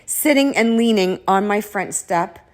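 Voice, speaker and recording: A woman's voice: mid-range voice, measured pace. Blunt, swearing woman telling a story. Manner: blunt and profane, frequent swearing; exasperated, animated delivery with restarts. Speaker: vlogger telling a personal story. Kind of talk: casual storytelling monologue.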